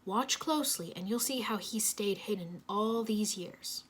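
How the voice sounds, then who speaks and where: A woman's voice: medium pitch, husky. A woman doing a stern old mentor. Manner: measured, sage-like pronouncements. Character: older male mentor, stern and wry.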